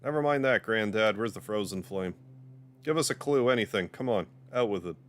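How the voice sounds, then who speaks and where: A man's voice: low-pitched, fairly even intonation, fairly quick, lightly acted. A man reading a brash young thief girl. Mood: pushy. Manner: blunt, teasing. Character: brash young female thief, pushy and impatient.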